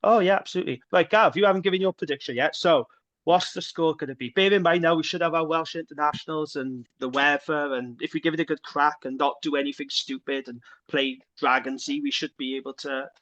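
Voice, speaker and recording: A man hosting a rugby podcast, chatting casually and reading out news in quick, upbeat bursts. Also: fairly high pitch, fairly even intonation, fairly bright tone, muffled recording. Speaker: podcast host.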